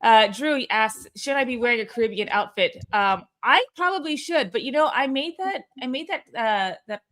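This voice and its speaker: A woman with a slightly high, bright-sounding voice hosts a weekly company call. She chats in a loose, upbeat way, stumbling over fillers and restarting her sentences. She talks into a video-call mic. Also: expressive, moderate pace. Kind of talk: casual livestream chat.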